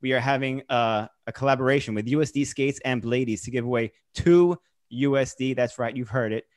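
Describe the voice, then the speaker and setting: Man, podcast host, middle pitch, dry close sound, friendly announcements. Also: fairly quick, no echo. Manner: friendly, reads shout-outs. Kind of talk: casual podcast chat and announcements.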